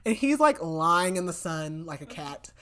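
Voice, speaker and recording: A woman's voice: on the low side, very animated, unhurried, a crowd in the background. Chatty young woman recapping a book. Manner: chatty, filler-heavy retelling with quoted lines. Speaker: podcast co-host. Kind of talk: casual book recap chat.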